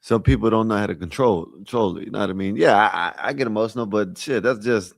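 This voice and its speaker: A man co-hosting a casual stream, laid-back and joking, often halting mid-sentence. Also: lowish voice, creaky, no room sound, studio quality. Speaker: stream co-host. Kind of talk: casual banter.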